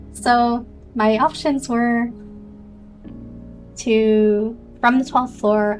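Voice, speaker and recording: A woman's voice: mid-range voice, darkish tone, poor audio. A young woman streamer chatting casually and rambling through a long story. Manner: rambling, laughs often. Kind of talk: casual chat and reading aloud.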